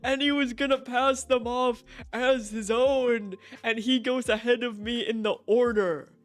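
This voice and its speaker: Young guy streamer with a high voice, swearing and ranting, faint music behind. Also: unhurried. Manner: profane, animated ranting with frequent "right?" asides. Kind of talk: casual storytelling on a game stream.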